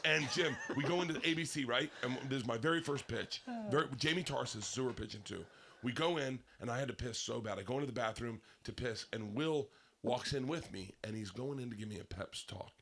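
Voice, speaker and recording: A man telling a long story on a podcast, profane and animated, swinging between loud excited bursts and low hushed asides. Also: a little fast. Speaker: comedian guest telling a story.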